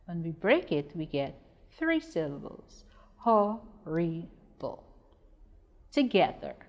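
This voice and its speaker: A woman teacher giving a broadcast lesson to children, speaking slowly and spelling words out letter by letter. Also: sits low. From Guyana. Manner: slow, deliberate, spells words letter by letter and drills syllables. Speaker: primary school teacher. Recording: long reverb.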